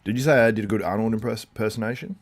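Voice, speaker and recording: A man with a notably deep, low voice hosts a live watchalong, talking rapid-fire in a loose, rambling style full of fillers. He's chatty and keeps breaking off to react to viewers' comments.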